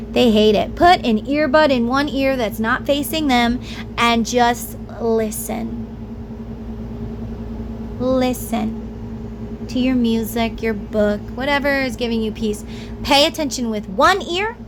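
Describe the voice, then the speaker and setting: A woman vlogger with a high voice speaks in a candid, rambling monologue. She is emphatic and slips into the voices she quotes. Steady background noise sits under her voice. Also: slow, pauses often.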